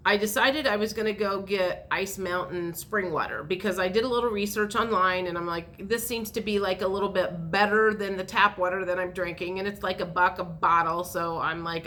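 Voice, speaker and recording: A woman's voice: on the low side, sharp tone, a little hiss or hum. A woman telling a rambling story in a casual vlog, with many fillers and restarts. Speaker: vlogger.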